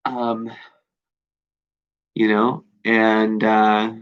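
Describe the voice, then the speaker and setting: A man recording a personal video journal, talking in a reflective, halting way with many pauses and fillers. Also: lowish voice, level tone, smooth. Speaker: video diarist. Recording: dull lo-fi recording.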